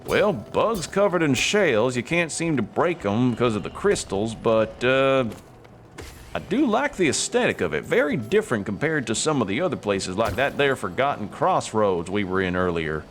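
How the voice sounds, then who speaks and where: A man's voice: medium pitch, very animated, normal speed, faint music behind, lightly acted. A man voicing a fussy, by-the-book male dungeon inspector who talks in officious reviewer patter. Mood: approving.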